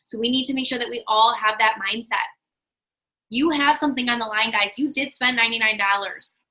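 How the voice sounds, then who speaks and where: A woman's voice: on the high side, a little fast, pushed and bright, rough recording. A woman leading her sales team in an emphatic motivational talk, repeating her key points. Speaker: team leader of a sales business.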